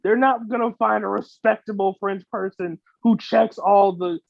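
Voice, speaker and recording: A man's voice: sits high, fairly even intonation, normal speed, creaky, dry recording. A man co-hosting a podcast in casual chat, swearing freely and rambling through comedic riffs. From United States. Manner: profane, rambling, mock-voices. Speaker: podcast co-host. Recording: dull lo-fi dry sound.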